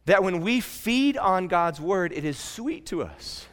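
A pastor with a high, somewhat bright voice preaches slowly but very animatedly, earnest and conversational. He often repeats words as he restarts a thought, and a long reverb tail trails his speech.

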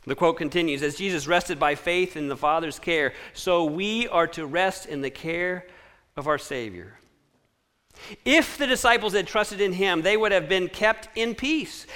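A man preaching a sermon, posing rhetorical questions and dropping to a hushed tone to repeat a scripture refrain. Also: high voice, lively intonation, measured pace, smooth. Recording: echoey hall with long reverb.

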